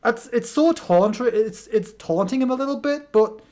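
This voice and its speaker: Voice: medium pitch, moderate pace, a little mellow. A British let's play host giving casual, sarcastic, rambling commentary while playing a game. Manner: rambling, sarcastic, many restarts.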